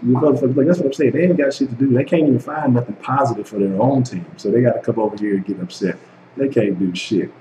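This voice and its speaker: Speaking in a fairly low, slightly mellow voice, a sports live stream host rants heatedly at trolls, taunting rival fans with profanity and repetition. The casual rant is recorded in an echoey room with faint noise.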